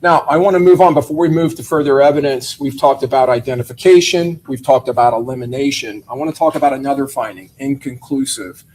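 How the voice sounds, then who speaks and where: A man's voice: medium pitch, a little mellow, a little hiss or hum, low-quality recording. Methodical male attorney questioning a witness. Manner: measured, methodical questions with occasional hesitations. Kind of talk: courtroom questioning. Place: courtroom.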